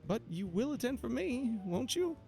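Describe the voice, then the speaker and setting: Brief: woman playing polite, doting gentleman, lively swoops, soft music behind. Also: on the high side, normal speed, vocal fry, slightly rough, no room sound, heavily acted. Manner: courtly, doting, pleading. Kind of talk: game voice reading.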